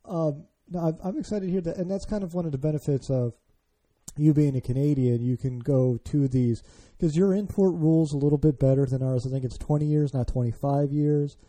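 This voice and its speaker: Mellow, dark-toned American podcast host. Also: male voice, on the high side, brisk. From United States. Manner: stammering, restarts words. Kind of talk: casual podcast chat.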